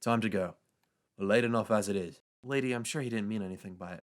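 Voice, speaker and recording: A man playing a weary, protective character in a fan audio drama, speaking quietly. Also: on the low side, fast, close to an everyday voice. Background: music.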